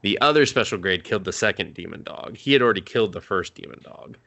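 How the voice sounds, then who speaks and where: A man's voice: lowish voice, animated, fast, sharp tone. A young man co-hosting a podcast, rambling loosely and swearing freely as he retells scenes. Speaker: podcast co-host. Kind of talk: casual chat recapping anime.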